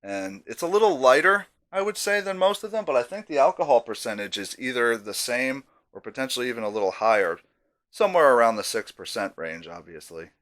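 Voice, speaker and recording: A man's voice: mid-range voice, sing-song, fairly quick, a bit bright. A man casually reviewing a beer on camera, chatty and self-deprecating, with savoring asides.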